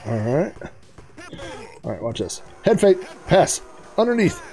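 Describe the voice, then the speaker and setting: A man hosts a retro gaming video, chatting to the on-screen players and giving excitable, casual gameplay commentary in a slightly high voice. His pace is measured, and faint music plays behind him.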